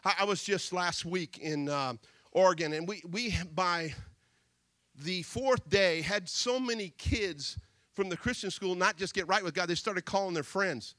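High, bright-voiced man telling a story on stage. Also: a little slow, dry recording. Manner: punchy, repeats phrases, swings from hushed to loud. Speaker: motivational speaker. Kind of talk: energetic storytelling speech.

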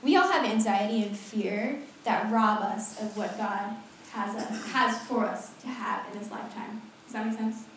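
A woman's voice: mid-range voice, moderate pace, hardly any pauses, distant mic, slight background noise. Young woman preaching in an echoey hall. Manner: animated, laughing often, chatty asides. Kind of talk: casual sermon.

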